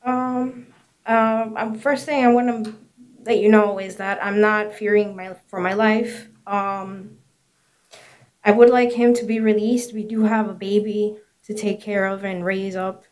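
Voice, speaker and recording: A woman's voice: medium pitch, steady tone, unhurried, a little mellow. A woman speaking at a court hearing, hesitant and full of fillers. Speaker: named victim at a hearing.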